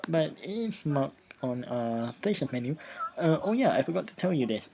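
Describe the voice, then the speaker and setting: A man's voice: a little high, lively intonation, normal speed, vocal fry, warm tone, a little hiss or hum, poor audio. A man hosting a let's play, reading a text game aloud and often stumbling and repeating words.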